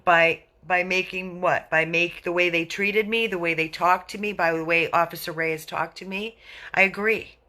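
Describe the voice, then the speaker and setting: A woman who runs an animal rescue speaks on a live video, answering viewers' comments one after another. Her voice is bright and sharp. She sounds indignant and often circles back to repeat her points. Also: fairly low pitch, fairly even intonation, moderate pace.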